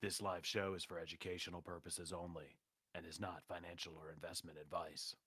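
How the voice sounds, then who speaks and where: Low, husky man reading a disclaimer. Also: fairly quick, no room sound, studio quality. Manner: flat, formal reading. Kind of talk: read disclaimer.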